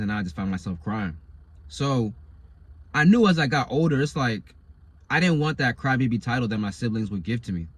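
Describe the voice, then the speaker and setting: A man's voice: medium pitch, breathy edge. A man delivering a motivational monologue as a coach, insistent and slangy, repeating his phrases over and over.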